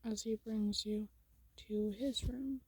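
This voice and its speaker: A woman narrating a second-person fan story in a soft, intimate whispered role-play. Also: a little high, fairly even intonation, slow, husky, dry recording.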